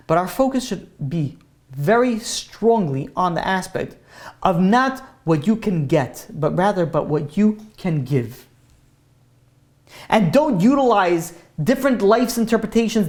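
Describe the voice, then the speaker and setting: A rabbi gives an informal Torah class in a high-sitting, slightly mellow male voice. He speaks emphatically and keeps repeating his point, loose and casual, with "like" scattered all through.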